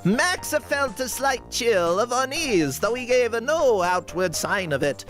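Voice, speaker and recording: A man's voice: very high-pitched, sing-song, takes it slowly, fairly bright tone, faint music behind, pitched above the performer's own voice, full character voice, low-quality recording. A man putting on a mock generic European accent to read a game walkthrough as a dramatic sci-fi story. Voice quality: hammy, theatrical. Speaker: commentator reading a game walkthrough.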